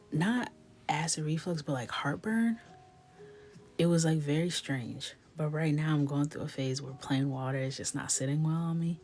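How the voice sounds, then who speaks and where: A woman hosting a coloring livestream, chatting casually in a playful way, often dropping into soft whispered asides. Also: deep voice, slight background noise.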